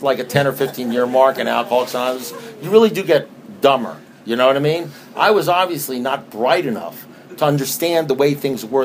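A man's voice: mid-range voice, background noise. A man telling stories to an audience in a loose, conversational way, often asking "you know what I mean" and repeating lines when he reads aloud. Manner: reads book passages aloud with repetition. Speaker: speaker sharing recovery experience. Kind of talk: storytelling talk to an audience.

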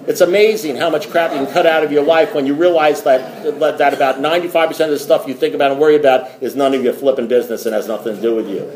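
A man's voice: on the high side, steady tone, fast, hardly any pauses, darkish tone. A middle-aged man giving a blunt, rambling recovery talk to a group, swearing and repeating himself. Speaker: AA meeting speaker.

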